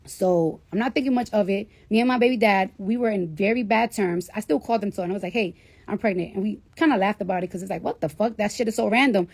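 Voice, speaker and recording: A woman's voice: mid-range voice, fast talker, a little mellow, no room sound. A woman casually telling a personal story to a live audience, candid and full of swearing. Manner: candid, profanity-laden, chatty. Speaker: livestreamer.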